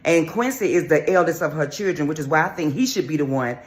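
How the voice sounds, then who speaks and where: A man's voice: fairly high pitch, expressive, fast. A man giving sassy, brash, crude gossip commentary on a reality show in a casual vlog.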